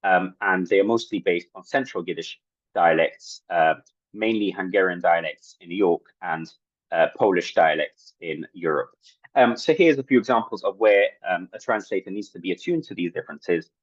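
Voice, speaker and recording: A man giving an academic talk at an online workshop, halting and full of fillers, on video-call audio. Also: low voice, no echo, dull audio. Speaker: workshop presenter.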